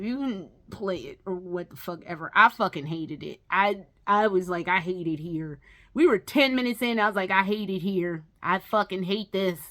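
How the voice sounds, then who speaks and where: A woman's voice: mid-range voice, pushed and bright. A woman gaming vlogger ranting casually and profanely, exasperated, breaking into mocking whiny impressions.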